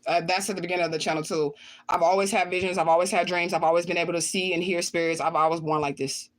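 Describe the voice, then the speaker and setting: A woman with children, hosting her own channel, reads viewers' comments during a livestream and answers in blunt, cursing outbursts, often saying lines twice. She talks fast in a lowish voice with little pitch movement.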